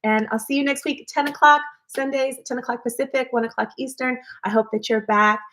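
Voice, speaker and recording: A woman's voice: sits high, steady tone, fairly quick, fairly bright tone. A woman hosting a weekly live wellness show, talking casually and earnestly, repeating phrases to encourage her viewers. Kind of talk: casual motivational livestream talk.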